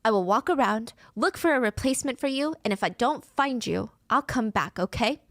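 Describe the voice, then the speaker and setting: A woman narrating a scripted true-crime story in a brisk way, acting out the quoted speech as she goes. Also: a little high, animated, a bit bright, no echo, studio quality.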